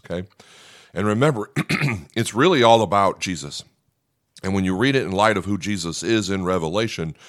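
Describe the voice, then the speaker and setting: Deep-voiced preacher, conversational. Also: male voice. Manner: conversational, frequent "okay?" check-ins. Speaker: pastor. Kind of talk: sermon teaching.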